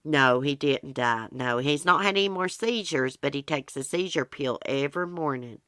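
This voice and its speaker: A folksy, rambling woman with an American country accent chats casually to her livestream viewers. Her voice is bright and forceful, smooth and crisp. It sounds dry and close, with no room around it. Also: sits low, normal speed, no room sound. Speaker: livestream host. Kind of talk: casual livestream chat answering viewer comments.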